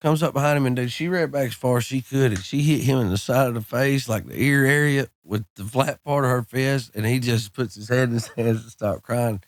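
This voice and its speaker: A man's voice: medium pitch, a little fast, few pauses, no echo. Laid-back man telling stories, dry studio sound. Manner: laid-back, drawling anecdotes peppered with "man" and "dude". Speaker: podcast guest, country singer. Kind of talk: casual storytelling chat.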